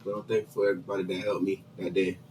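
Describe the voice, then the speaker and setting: Young football player, lowish voice, chill and upbeat, kinda far from the mic. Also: male voice, level tone, very fast, a little mellow, slight background noise. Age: young adult. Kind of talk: interview remarks.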